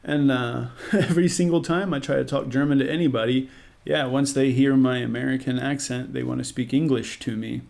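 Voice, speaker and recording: Gravelly easygoing man with a Southern twang. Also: medium pitch, steady tone, brisk, a little mellow. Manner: easygoing, joking, rambling. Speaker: podcast guest. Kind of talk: casual podcast chat.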